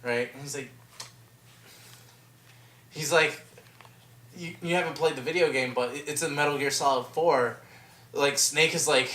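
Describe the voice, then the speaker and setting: A young man co-hosting a casual movie podcast, animated and swearing freely, often mimicking film characters. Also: a little high, a little slow, pauses often, echoey room. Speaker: podcast co-host. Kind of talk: casual chat about movies.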